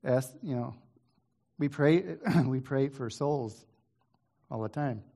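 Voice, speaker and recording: In an informal Bible study, a teacher with a medium-pitched voice takes his time, reading old scripture verses evenly and then drifting into relaxed reflection. He restarts sentences, wanders into asides, and clears his throat from time to time.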